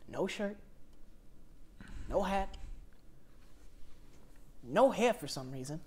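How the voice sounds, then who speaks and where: A man making dry, deadpan remarks while commenting on a film. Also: high-pitched, extremely slow, slightly rough. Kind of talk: casual film commentary chat.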